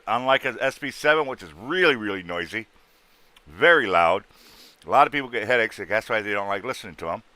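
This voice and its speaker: Male streamer host, blunt casual salesman, bright voice with a lively swing, dry close sound. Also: mid-range voice, no room sound. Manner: rough-spoken, blunt, salesman patter with sound-effect noises. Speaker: livestream host selling ghost hunting gear. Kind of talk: casual livestream sales chat.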